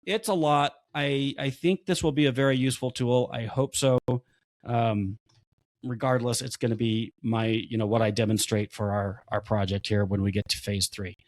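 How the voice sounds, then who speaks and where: A man hosting a podcast in a relaxed, joking way. His voice sits at a middle pitch and sounds close and dry, with no room echo. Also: moderate pace. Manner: relaxed, joking, runs the segments. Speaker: podcast host. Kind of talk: casual podcast chat.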